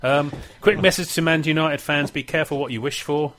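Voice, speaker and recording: A man's voice: on the high side, fairly quick, fairly bright tone. A man hosting a football talk show, chatting casually and reading listener emails aloud with a laugh in his voice. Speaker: radio show host. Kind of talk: casual studio chat.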